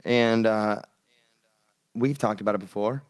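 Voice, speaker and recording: Young male podcast co-host, low-pitched, loose rambling storyteller with crude humor. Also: fairly even intonation, measured pace, clean tone. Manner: rambling, laid-back storytelling with crude jokes. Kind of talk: casual chat. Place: studio.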